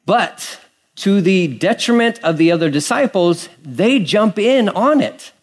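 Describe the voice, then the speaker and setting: A pastor preaching a sermon, acting out quoted voices and moving between loud outbursts and hushed lines. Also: male voice, sits high, big pitch swings, a little slow.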